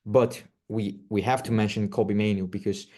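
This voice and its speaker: A man co-hosting a football podcast, giving earnest analysis in a halting way with many fillers. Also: fairly low pitch, steady tone, darkish tone. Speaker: podcast co-host.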